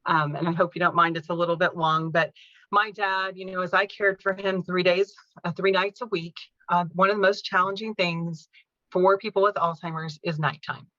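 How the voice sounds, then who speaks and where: A woman telling a personal caregiving story in an interview, speaking earnestly and gently. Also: on the low side, steady tone, normal speed, dry recording, dull audio. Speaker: podcast guest, caregiving author.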